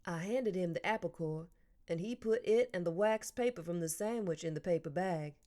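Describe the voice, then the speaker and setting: A woman's voice: lowish voice, moderate pace, mellow. Woman reading a children's audiobook. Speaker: audiobook narrator.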